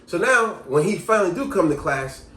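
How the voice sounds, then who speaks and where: Guy telling stories to the camera, kinda high voice, animated, echoey room. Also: a little fast, a little hiss or hum. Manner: animated storyteller, lively delivery. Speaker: vlogger. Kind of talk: casual storytelling monologue.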